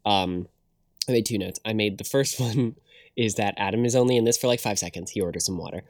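A podcast co-host chatting casually about an old TV show, making wry, deadpan jokes. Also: medium pitch, a little fast, no room sound, clean studio sound. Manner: wry, joking, deadpan asides. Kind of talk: casual chat reviewing old TV.

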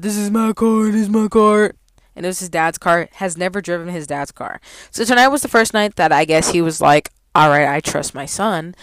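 A woman's voice: on the low side, dry recording, poor audio. A young woman telling a story about her job in a casual, profane, exasperated rant. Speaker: vlogger.

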